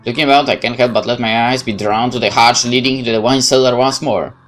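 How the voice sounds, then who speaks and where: A man hosting a let's play, reading a horror game's narration aloud in an expressive way that rises on exclamations. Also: medium pitch, fast talker, soft background music. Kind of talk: dramatic reading of game text.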